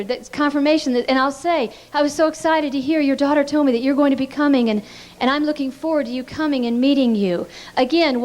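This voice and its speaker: A woman's voice: high-pitched, darkish tone. A woman giving a teaching talk at a pastors' conference, telling stories earnestly and often stammering on repeated words.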